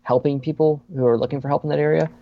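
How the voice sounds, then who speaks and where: A man's voice: on the high side, fairly even intonation, rapid-fire, vocal fry. A man talking as a podcast guest in a casual chat, earnest and hesitant, with many fillers. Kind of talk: casual conversation. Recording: dull lo-fi sound.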